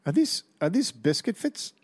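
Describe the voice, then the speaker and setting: A man's voice: sits high, big pitch swings, normal speed, a little mellow, pitched above the performer's own voice. A man on a comedy podcast playing a suspicious bar customer who pries and asks questions. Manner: prying, questioning.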